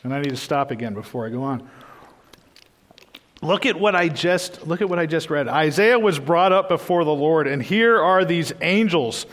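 A man's voice: a little high, animated, moderate pace, a bit bright, in a large hall. A man preaching a sermon in a church, earnest and emphatic, often repeating his phrases.

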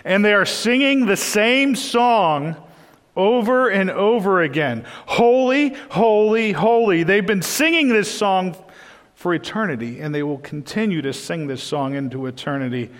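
A man's voice: high-pitched, expressive, moderate pace, a bit bright, long reverb tail. A man preaching a sermon in a church, earnest and emphatic, often repeating his phrases.

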